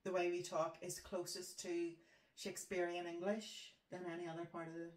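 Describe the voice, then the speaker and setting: A Northern Irish woman co-hosting a casual podcast, chatty and self-mocking, quick to laugh. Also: on the low side, flat delivery, a little mellow. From Northern Ireland. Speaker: podcast co-host. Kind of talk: casual chat. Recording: echoey room, distant mic.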